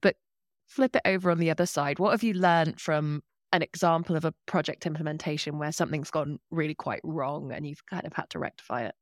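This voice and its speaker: A woman co-hosting a podcast, speaking in a warm, sympathetic, conversational way. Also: low voice, a little fast, no room sound, studio quality. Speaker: podcast co-host. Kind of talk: casual conversational interview.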